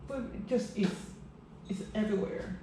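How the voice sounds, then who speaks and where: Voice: mid-range voice, moderate pace. Emphatic trainer in an echoey room. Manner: emphatic, drills sounds, checks understanding. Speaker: trainer explaining pronunciation drills. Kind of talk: casual instructional chat. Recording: echoey room, faint background noise.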